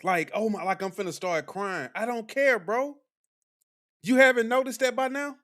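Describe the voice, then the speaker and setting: A man's voice: high-pitched, normal speed, fairly bright tone. A young man doing live-stream commentary, talking bluntly and combatively to his chat with heavy slang. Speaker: livestream commentator.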